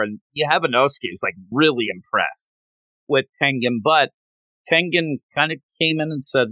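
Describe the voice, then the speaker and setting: Podcast co-host, male, animated recapper who acts out scenes; bright timbre, dry. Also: on the high side, moderate pace, no echo. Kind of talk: casual manga discussion.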